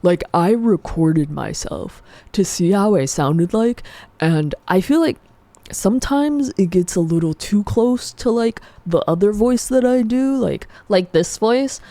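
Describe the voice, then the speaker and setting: A woman streamer putting on a deeper, calmer voice in casual live stream chat, talking slowly and hesitantly and trailing off. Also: no echo. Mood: musing. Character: deeper-voiced young woman, calm and low.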